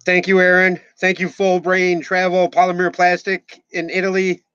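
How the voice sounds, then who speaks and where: A man's voice: high voice, monotone, moderate pace, a bit bright, clean tone, no room sound. A man in his forties from Minnesota, with a Minnesotan accent, chatting casually on a live stream, rambling and joking, swearing now and then and thanking viewers by name. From Minnesota, USA. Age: 40s. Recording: slightly muffled, dull sound.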